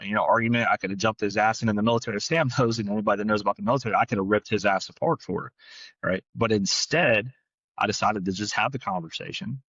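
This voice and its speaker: A dog trainer co-hosting a podcast tells a work story bluntly and casually, talking fast, tagging lines with "right?" and swearing now and then. His voice is lowish and fairly bright with a breathy edge. The recording is muffled but has no room sound.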